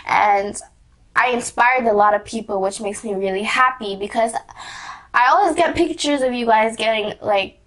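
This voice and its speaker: A woman's voice: fairly high pitch, normal speed, fairly bright tone. A young woman vlogger telling a casual story, rambling with lots of fillers, restarts and giggles.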